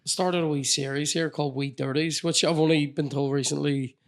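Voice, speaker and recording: A Northern Irish man, a comedian guest, telling quick anecdotes in casual chat. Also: fairly high pitch, steady tone. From Northern Ireland. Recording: crowd noise behind.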